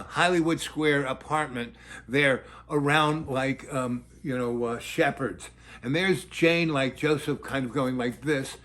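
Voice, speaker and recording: An older man spins a long, rambling anecdote in a loose, casual manner, slipping into voices for the people he describes. His tone is fairly high-pitched and fairly bright.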